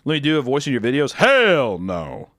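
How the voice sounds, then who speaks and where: A young man streamer answering chat questions in casual, crude, jokey talk, jumping from loud bursts to low mumbles. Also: fairly even intonation, racing, dry recording, studio quality.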